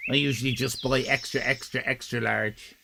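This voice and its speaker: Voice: medium pitch, fairly even intonation, moderate pace, gravelly, background noise. An Irish live-stream host chatting casually with viewers, rambling and swearing in mock outrage. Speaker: livestream host.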